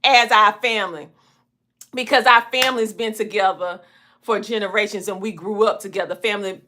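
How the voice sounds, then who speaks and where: A woman's voice: medium pitch, steady tone, fairly quick, sharp tone, a little hiss or hum. A woman from a small Southern country town with a Southern twang, chatting casually as a podcast host and telling down-home stories. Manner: chatty storytelling, down-home phrasing. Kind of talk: casual chat.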